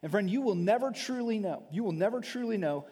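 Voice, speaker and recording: A man with a high voice preaches to his congregation, lively and emphatic, slipping into little acted-out quotes and repeating himself as he builds a point. His voice rings through a large hall with a long reverb. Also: brisk. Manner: animated preaching, acts out quoted speech, repeats words. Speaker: pastor. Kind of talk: sermon.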